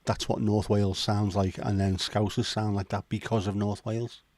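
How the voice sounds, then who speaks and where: Speaking to viewers on a casual chat livestream, a Liverpool, England host swears, jokes and drifts into chatty asides. His delivery is flat and moderately paced, his voice on the low side and darkish, with a dry recording.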